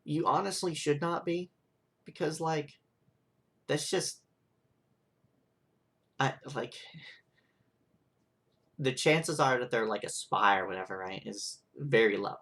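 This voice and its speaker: A man's voice: medium pitch, slow pace, long pauses, a bit bright. A young man rants in a vlog monologue, rambling and frustrated, full of "like" and "right?" tag questions. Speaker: vlogger. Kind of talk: ranting monologue.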